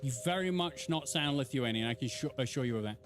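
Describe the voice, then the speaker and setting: Animated English streamer man. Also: mid-range voice, quick pace, faint music behind. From England. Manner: animated, swearing, answering chat. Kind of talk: casual live-stream chat while gaming.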